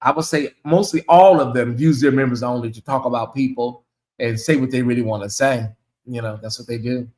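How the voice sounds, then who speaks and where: A man hosting his own livestream, chatting casually and reacting out loud to messages from viewers. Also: mid-range voice, a little fast, echoey room, rough recording. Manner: chatty, animated, reacts aloud to comments. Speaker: channel host.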